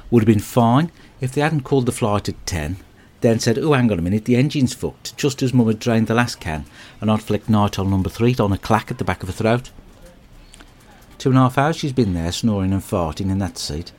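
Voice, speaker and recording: A man delivers a crude, deadpan and rambling comic monologue. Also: fairly low pitch, fairly quick.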